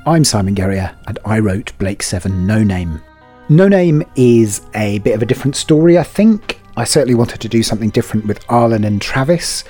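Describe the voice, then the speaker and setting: Thoughtful lower-voiced male writer. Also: animated, brisk, dark tone, slightly rough, soft background music. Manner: thoughtful, hedging with "I think". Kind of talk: behind-the-scenes interview.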